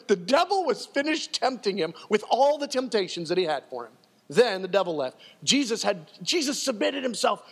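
A man's voice: extremely high pitch, a bit bright, husky. Emphatic male preacher in a reverberant hall. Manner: emphatic and conversational, with frequent repetition. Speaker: pastor. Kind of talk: sermon.

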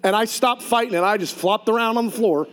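A man delivers a lively sermon testimony to a congregation, recounting his story through animated, shouted outbursts. His voice sits high and he talks fairly quickly.

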